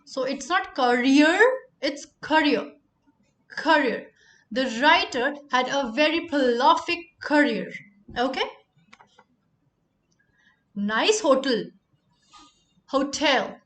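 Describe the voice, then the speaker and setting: A woman teaching pronunciation, repeating each word slowly for emphasis. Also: high voice, lively intonation, fairly bright tone. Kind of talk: pronunciation lesson.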